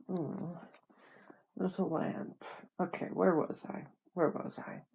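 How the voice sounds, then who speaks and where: Hobby reader, airy and husky, casual read-aloud with rambling asides. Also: mid-range voice, mellow. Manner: self-deprecating, chatty asides.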